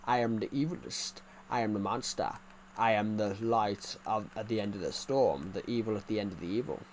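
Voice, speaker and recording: A man voicing a boastful evil villain who proclaims himself the darkest of all, slow and dramatic. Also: fairly low pitch, slight background noise, voice pushed down, close to an everyday voice. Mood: grandiose. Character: boastful evil male villain, dark and grandiose.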